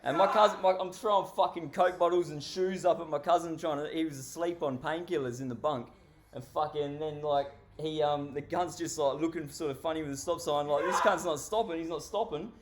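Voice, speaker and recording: A man's voice: a little high, steady tone, brisk, noisy background. Foul-mouthed Australian man spinning a yarn. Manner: heavily profane, rambling, laughs while telling. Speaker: storyteller. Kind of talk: casual anecdote telling.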